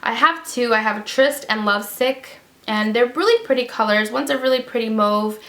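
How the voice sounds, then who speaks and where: A woman's voice: on the high side, moderate pace, pushed and bright. A woman giving a casual, chatty product review with lots of fillers and emphatic repeats. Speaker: beauty vlogger. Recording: roomy echo.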